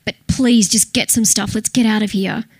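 A woman's voice: medium pitch, fairly even intonation, moderate pace, breathy edge, no echo, natural voice. A woman voicing a tense, worn-out man trying to get a young woman to flee with him. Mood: urgent. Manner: urgent, strained. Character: tense weary man on the run.

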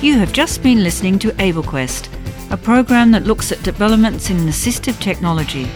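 Woman radio presenter, scripted outro, lively up and down voice, soft music behind. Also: mid-range voice, a little fast. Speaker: radio program host.

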